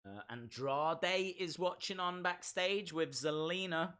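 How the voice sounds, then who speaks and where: Male stream host, bright and slightly high voice, unhurried but excitable, jokes at his own expense. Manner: excitable, chatty and self-mocking. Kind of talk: live wrestling reaction commentary.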